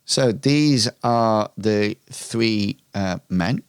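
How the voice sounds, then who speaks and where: A man narrating as game master of a tabletop role-playing game, describing scenes hesitantly with many pauses and ums. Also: lowish voice, clean tone, no echo, studio quality.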